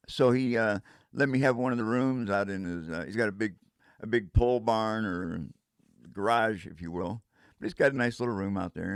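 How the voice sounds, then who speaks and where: A man's voice: fairly low pitch, gravelly, smooth, no room sound, studio quality. An older man telling a casual first-person story in a rambling way, breaking into vocal sound effects.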